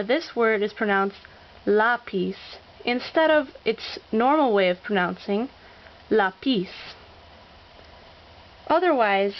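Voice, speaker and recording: A woman narrating a scripted language lesson, slowly sounding out each example word. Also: a little high, dull audio, slight background noise. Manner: slow, deliberate, sounding out example words. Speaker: Spanish teacher.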